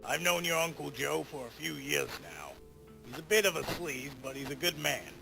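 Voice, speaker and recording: A man doing a low, gravelly, kindly man. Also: animated, moderate pace, over music, poor audio. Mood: reassuring. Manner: low, soft, reassuring. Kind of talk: voicing game dialogue.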